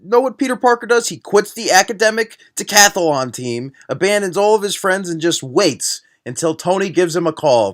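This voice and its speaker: A man's voice: high-pitched, animated, moderate pace, hardly any pauses, fairly bright tone. A young man giving a comedic movie-review rant, sarcastic, profane and exasperated. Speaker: film reviewer.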